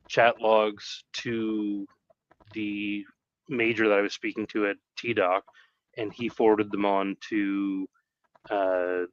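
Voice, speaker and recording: Man, guest, lowish voice, halting and stammering, muffled audio. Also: fairly bright tone. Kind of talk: casual chat.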